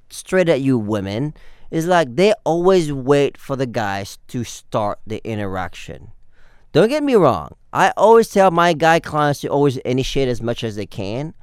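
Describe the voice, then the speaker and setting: Animated man giving dating advice. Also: a little high, normal speed, smooth, no echo, clean studio sound. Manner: animated, acts out phone calls with playful voices. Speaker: dating coach. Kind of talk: casual podcast advice.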